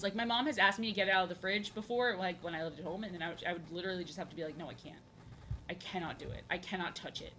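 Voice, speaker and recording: A young woman streaming as she draws, chatting casually and rambling, often repeating herself and filling pauses with "um" and "like". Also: mid-range voice, bright, forceful tone, slight background noise, rough recording. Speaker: art streamer. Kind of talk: casual chat while drawing on stream.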